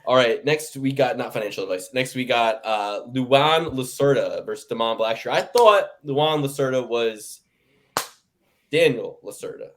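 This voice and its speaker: A man talks fight picks on a casual podcast. He riffs quickly, with crude jokes and playful teasing. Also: medium pitch, lively intonation, a bit bright, poor audio. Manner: joking, crude, fast riffing. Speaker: podcast co-host.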